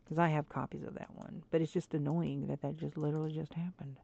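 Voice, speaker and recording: A woman streaming a game and chatting to viewers, swinging between frustrated muttering and excited squeals. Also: sits low, fast talker, gravelly, slightly rough. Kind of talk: casual gameplay chat. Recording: dull lo-fi stream audio.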